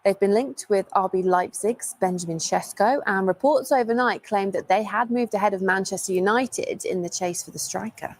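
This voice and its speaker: A woman reading a scripted sports news report in a crisp, informative manner. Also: mid-range voice, moderate pace, few pauses.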